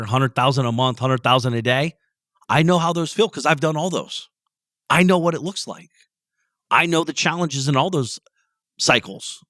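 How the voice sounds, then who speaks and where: A man's voice: mid-range voice, fairly bright tone, no room sound, clean studio sound. A man hosting a podcast, recorded outdoors while he has a head cold. He talks bluntly and with emphasis, and he swears a lot. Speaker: podcast host. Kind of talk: motivational monologue. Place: outdoors out back.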